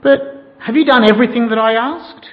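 A man's voice: very high voice, brisk, pitched above the performer's own voice. A man playing a bellowing, furious pirate captain. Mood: praising. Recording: dull sound in a reverberant hall.

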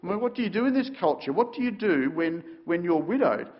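A man preaching a sermon, telling the story dramatically with sudden shifts between loud and quiet. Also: high-pitched, sing-song, fairly quick, highs cut off.

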